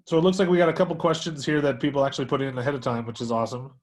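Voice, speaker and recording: A man's voice: mid-range voice, steady tone, very fast. A man hosting a video call in an easygoing way, reading out questions from the audience. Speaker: host.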